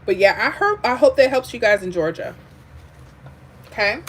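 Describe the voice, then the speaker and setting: A woman hosting a lottery livestream, chatting casually, reading viewer comments aloud and drifting into animated asides. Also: on the high side, moderate pace, long pauses, a little hiss or hum.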